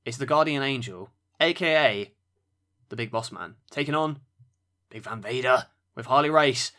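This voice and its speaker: A man's voice: mid-range voice, moderate pace, bright, forceful tone. A man hosting a wrestling podcast, giving dry play-by-play with sarcastic asides. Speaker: podcast host. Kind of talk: wrestling match review commentary.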